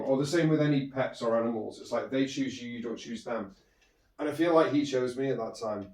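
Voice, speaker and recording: A man's voice: mid-range voice, a little mellow, distant mic. Male solo podcaster, rambling storyteller, echoey room sound. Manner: rambling, with many restarts and fillers. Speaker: podcast host. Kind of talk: personal storytelling monologue. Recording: roomy echo.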